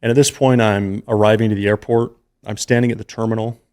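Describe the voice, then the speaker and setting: A man's voice: on the low side, level tone, fast, darkish tone. A man in his thirties, a podcast guest, earnestly telling a personal story with frequent fillers. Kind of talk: storytelling in a casual interview.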